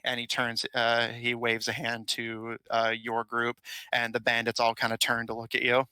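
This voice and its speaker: A man runs a tabletop game with a very bright, forward voice. He narrates casually, filling gaps with "uh"s and restarts. The sound is dry and close. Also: mid-range voice, completely flat delivery, moderate pace, clean tone, no room sound, low-quality recording. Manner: casual, filler-heavy narration with frequent "uh"s. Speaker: game master.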